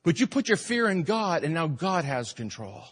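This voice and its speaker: A man preaching a sermon as pastor, emphatic, swinging between loud urgent passages and quiet earnest ones. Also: a little high, very animated, moderate pace, husky, in a large hall. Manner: emphatic preaching, rising and falling in force.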